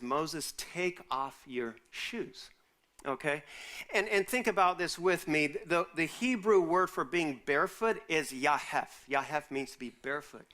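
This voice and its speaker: A man, a pastor, preaching a sermon and telling a personal story with lively acted-out dialogue. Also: sits high. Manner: animated storyteller, acts out quoted voices. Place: university chapel or auditorium.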